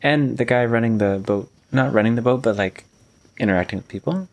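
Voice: medium pitch, brisk. Chill host, dry jokes, short teasing questions. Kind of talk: casual chat.

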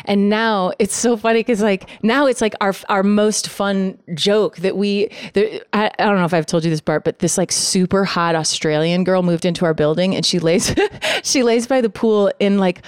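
A woman chatting casually on a podcast, telling stories with frequent laughter and quick asides. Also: mid-range voice, clean tone, no room sound, clean studio sound. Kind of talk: casual chat.

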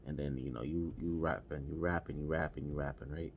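A man's voice: extremely low pitch, fairly even intonation, a little fast, creaky, a little hiss or hum. A man talking casually and repetitively, encouraging listeners to work as a team. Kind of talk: motivational monologue.

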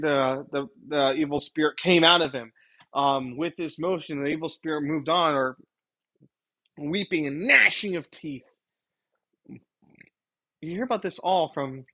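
A man's voice: on the high side, fairly bright tone. A man giving an informal preaching monologue, rambling and correcting himself as he retells scenes and quotes scripture. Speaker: Christian commentator.

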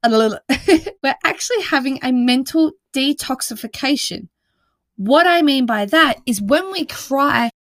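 A woman's voice: high voice, fairly bright tone, no echo. A woman hosting a casual self-help podcast. She talks in a chatty, reassuring way, with lots of "like" and frequent laughs. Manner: chatty and reassuring, many "like" fillers, laughs often. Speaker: podcast host.

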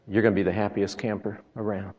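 Low-voiced folksy male preacher in a reverberant hall. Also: flat delivery, fast talker, a little mellow. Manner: folksy, joking asides, quotes scripture. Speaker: traveling preacher. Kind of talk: sermon. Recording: reverberant, dull lo-fi sound.

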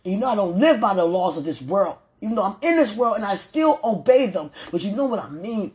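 A woman speaking an emotional prayer out loud, pleading and tender, repeating her phrases. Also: mid-range voice, lively intonation, brisk, slightly rough.

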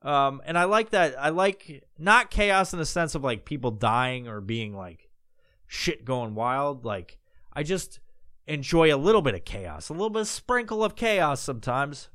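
A man's voice: fairly high pitch, animated, a little slow, a bit bright, no room sound, studio quality. A man hosting a podcast, talking in a loose, rambling way with lots of swearing and restarts. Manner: loose and profane, full of fillers and restarts. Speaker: podcast host. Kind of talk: casual rambling monologue.

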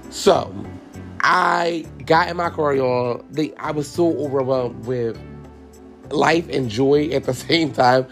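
Young guy podcasting, gravelly voice, real emotional and blunt, cusses a lot, calls everyone y'all. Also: mid-range voice, takes it slowly, faint music behind. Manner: emotional, frank, swears freely, addresses listeners as y'all. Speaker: podcast host and hairstylist. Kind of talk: candid personal storytelling.

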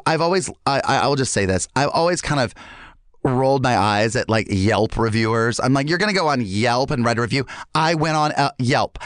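A man's voice: medium pitch, fairly bright tone, no echo. Podcast host, male, thirties, rambling self-deprecating storyteller with a dry, close sound. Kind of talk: casual comedic storytelling.

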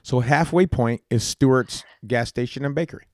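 A man co-hosting a podcast, telling stories in animated, joking banter. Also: mid-range voice, moderate pace, no echo, clean studio sound. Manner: animated, joking, self-deprecating. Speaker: podcast co-host. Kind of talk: casual banter.

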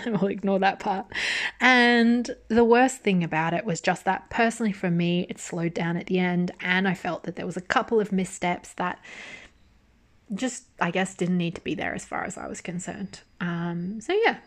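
A woman giving a casual spoken review of a drama, animated and swearing freely as she vents, then laughing it off. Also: fairly low pitch, moderate pace.

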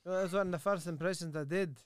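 An Irish man talking in a casual podcast, with a high voice and animated storytelling. The sound is dry and close to the mic, and he swears without a second thought. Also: quick pace, no echo. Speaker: podcast host and impressionist. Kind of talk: casual chat.

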